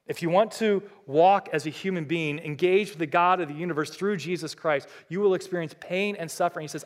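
A middle-aged man preaching a sermon as a pastor, earnest and impassioned, swinging between loud emphatic lines and low quiet ones. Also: fairly quick, hardly any pauses.

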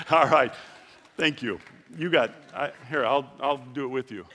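A man's voice: medium pitch, normal speed, fairly bright tone. A male pastor preaching a sermon in a conversational, joking way, acting out quotes during a church service.

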